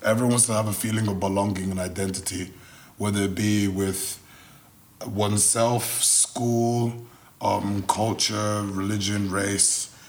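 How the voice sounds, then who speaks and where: A man in his twenties from Nigeria, a podcast guest speaking in a measured, thoughtful way. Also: lowish voice, flat delivery. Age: 20s. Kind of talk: podcast interview.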